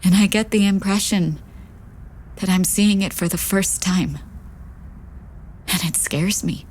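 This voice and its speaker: A woman performing a staged reading of a play as a monologue, wry and anxious, moving between brisk lists and hushed, confessional passages, recorded in a studio. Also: medium pitch, steady tone, a little hiss or hum.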